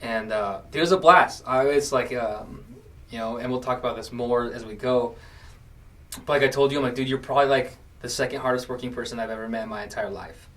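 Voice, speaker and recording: A man's voice: mid-range voice, brisk, distant mic. A man in his late twenties hosting a podcast, chatting casually and acting out quotes as he tells stories. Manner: animated storyteller, acts out quotes. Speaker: podcast host. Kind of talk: casual chat.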